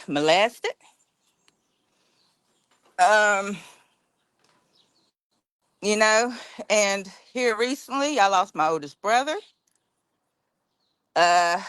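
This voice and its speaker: A woman's voice: mid-range voice, a bit bright, dry recording. Blunt, emotional middle-aged woman from West Virginia. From West Virginia, USA. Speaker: guest. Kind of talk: candid personal storytelling.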